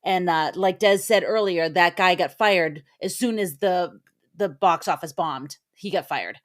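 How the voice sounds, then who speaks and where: A woman's voice: fairly low pitch, unhurried. Woman recapping a movie plot. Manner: recaps plot, then shares opinions with fillers. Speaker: podcast co-host. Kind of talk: casual movie review chat.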